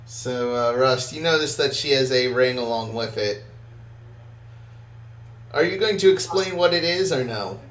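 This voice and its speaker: A man's voice: mid-range voice, a little slow, long pauses, a bit bright. A man running a tabletop game as game master, laid-back and laughing often. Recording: roomy audio from off-mic.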